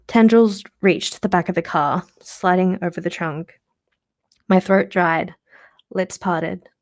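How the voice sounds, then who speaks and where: A woman's voice: on the low side, creaky. A woman reading a novel aloud casually on a live stream, correcting her slips and adding short asides. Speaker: reader of novels.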